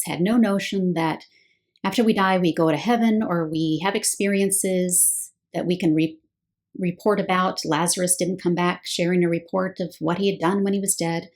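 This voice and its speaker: Woman Bible teacher, lowish voice, methodical explainer, rhetorical questions. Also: steady tone, moderate pace, a little mellow. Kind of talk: scripted teaching monologue.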